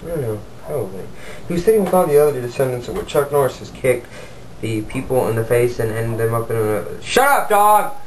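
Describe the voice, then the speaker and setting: A man spinning an improvised silly story in a rambling, goofy way, full of restarts and tangents. His pitch is mid-range and ordinary. Faint background hiss. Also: fast, dark tone, low-quality recording.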